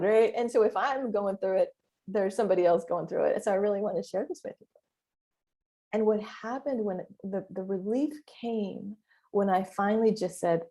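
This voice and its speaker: Mellow-voiced woman hosting a podcast. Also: medium pitch, normal speed. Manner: emphatic, animated, frequent mild swearing; acts out her inner voice in quoted asides. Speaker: podcast host and business mentor. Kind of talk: casual solo podcast talk.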